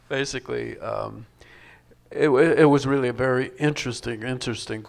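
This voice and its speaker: Older guy, director on a festival panel, gravelly voice, musing and wry. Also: medium pitch, a little slow. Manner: thoughtful, wry, many restarts. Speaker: film director. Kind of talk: panel discussion answers. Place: film festival panel stage.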